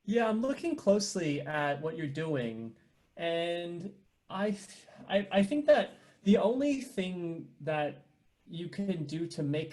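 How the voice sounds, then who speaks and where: A man's voice: on the high side, sing-song, darkish tone. Casual young man coaching violin. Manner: casual, halting, many restarts and fillers. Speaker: violin masterclass teacher. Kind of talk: online masterclass coaching.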